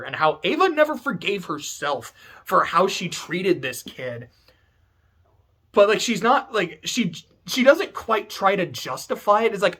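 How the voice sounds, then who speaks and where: A man's voice: high voice, sing-song, measured pace, a bit bright, slightly rough. A man talking through a story in casual, rambling commentary, full of fillers and swearing, at home. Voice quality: chatty, swears, many "like" fillers. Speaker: video essay host. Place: home room.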